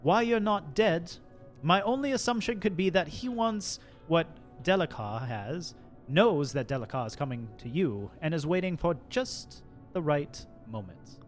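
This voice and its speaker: A man voicing a calm, shrewd male ship captain in a tabletop game, speaking in a measured, cryptic way. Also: soft background music. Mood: scheming. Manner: measured, cryptic, lively pitch swings. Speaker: game master. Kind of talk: tabletop game role-play.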